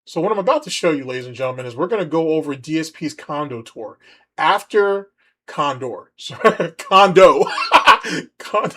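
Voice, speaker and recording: A man's voice: fairly high pitch, fairly bright tone. A man hosting a livestream, rambling and mocking as he comments on a video. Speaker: streamer host.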